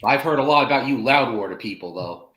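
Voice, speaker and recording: A man's voice: mid-range voice, expressive, a little fast, a bit bright, reverberant, lightly acted. A man voicing a hot-headed young farmer with a sword who blusters in defense of his people. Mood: indignant.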